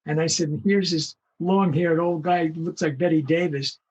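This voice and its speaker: An older male voice actor telling animated anecdotes in an interview, acting out the voices of the people he quotes. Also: on the high side, normal speed, breathy edge, highs cut off. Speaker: guest voice actor. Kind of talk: storytelling interview.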